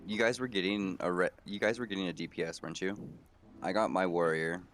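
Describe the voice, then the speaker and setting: A man's voice: deep voice, steady tone, fast, fairly bright tone, faint music behind. A man streaming and chatting casually with friends, laid-back, laughing easily. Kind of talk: casual gaming voice chat.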